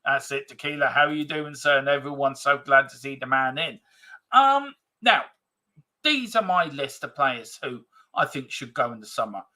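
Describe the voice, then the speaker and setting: A man's voice: medium pitch, lively intonation, normal speed, bright, forceful tone. A man from England, hosting a casual live stream, chatting and reading out viewer comments with hesitant restarts. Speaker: fan channel host.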